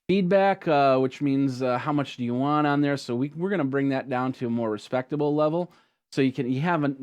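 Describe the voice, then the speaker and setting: A man explains software settings step by step in an easygoing, rambling way, full of ums and self-corrections. His voice sits at an ordinary middle pitch. The delivery is casual rather than polished. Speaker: tech tutorial host. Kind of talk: screen-recorded software tutorial.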